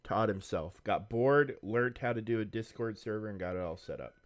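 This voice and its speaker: A man's voice: lowish voice, moderate pace. A man streaming a mobile game, chatting casually and rambling, sometimes swearing. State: hiccups. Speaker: gaming streamer. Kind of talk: casual live-stream chat.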